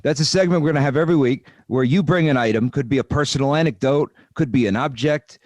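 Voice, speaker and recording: A man co-hosting a podcast in casual chat, dropping wry, deadpan quips. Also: mid-range voice, fast talker, no echo. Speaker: podcast co-host.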